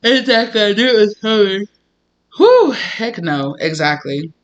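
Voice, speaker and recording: A man giving a casual tarot reading to camera, animated and emphatic, often breaking into laughter. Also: sits high, unhurried, lo-fi sound. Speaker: tarot reader.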